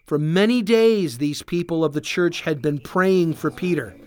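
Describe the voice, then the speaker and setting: A storyteller narrating a Bible story for children in an expressive, read-aloud manner. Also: medium pitch, a little slow. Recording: faint background music.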